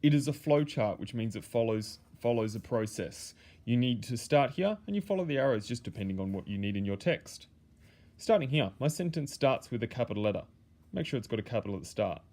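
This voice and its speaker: Aussie teacher guy, mid pitch, walks kids thru each step, keeps restarting bits. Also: lively intonation, fairly quick, mellow. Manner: talks students through steps, repeats and restarts phrases. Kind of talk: classroom explanation.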